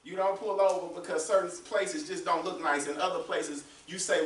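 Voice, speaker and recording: A high-voiced man preaches as a pastor, putting questions to the congregation in call-and-response style and building his points step by step. His intonation stays fairly even, his pace is normal with few pauses, and there's slight background noise. The clip, from a church sanctuary, has a roomy echo from a distant mic.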